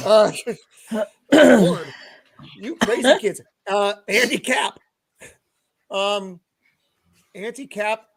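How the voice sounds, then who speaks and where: A man's voice: high-pitched, very slow, vocal fry, pauses often, breathy edge. An American man hosting a casual video-call panel chat, giggling and incredulous as he reads out odd slang.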